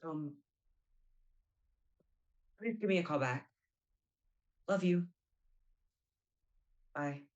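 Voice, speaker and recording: A woman's voice: sits low, extremely slow, long pauses, darkish tone, dull audio. A young woman playing a lonely woman leaving a pleading, emotional voicemail in a stage monologue.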